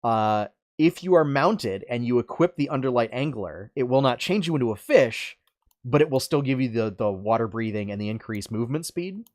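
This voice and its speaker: A man's voice: medium pitch, expressive, normal speed, darkish tone. A man co-hosting a podcast, chatting casually about video games with many fillers and restarts. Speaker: podcast co-host.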